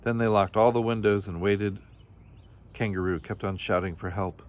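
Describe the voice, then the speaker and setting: Male storybook reader, lowish voice, gentle expressive read-aloud. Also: moderate pace. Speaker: children's book reader.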